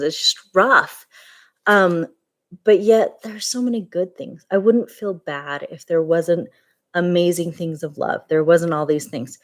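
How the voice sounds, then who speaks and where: A woman in her forties talking candidly and tiredly in a personal vlog update, rambling with many fillers and restarts. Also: lowish voice. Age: 40s. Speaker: vlogger.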